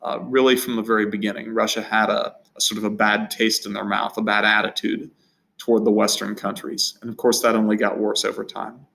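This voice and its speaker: A man's voice: fairly low pitch, flat delivery, a little fast, gravelly, sharp tone, rough recording. Man giving an unscripted history lecture. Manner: unscripted, repeats words and restarts. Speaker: history teacher.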